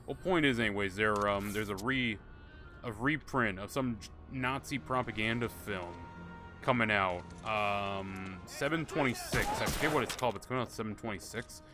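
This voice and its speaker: Male game streamer with a lowish voice, loose and profane, talking to chat over loud game music. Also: moderate pace. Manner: rambling, profane, joking. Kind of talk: casual live-stream commentary. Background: game music and gunfire.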